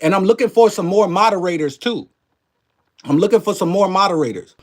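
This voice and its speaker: A man with a high-pitched voice rants to a live chat, preachy and emphatic, full of slang and swearing. He keeps firing rhetorical questions at his viewers. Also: lively intonation, fairly quick. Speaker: livestream commentary host. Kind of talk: casual ranting commentary to a live chat.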